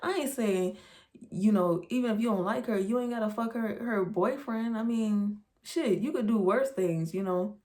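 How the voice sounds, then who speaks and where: A woman vlogger of middling pitch spinning a storytime tale. Her delivery is blunt and profane, and she sounds openly incredulous at what she is recounting. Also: normal speed, a little mellow. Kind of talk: storytime vlog.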